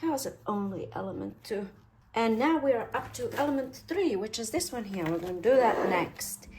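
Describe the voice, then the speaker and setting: A woman's voice: on the high side, lively intonation, moderate pace, a little mellow. Australian woman, craft vlogger, chatty and self-mocking, light hiss in the room. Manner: rambling and self-deprecating, talks while working.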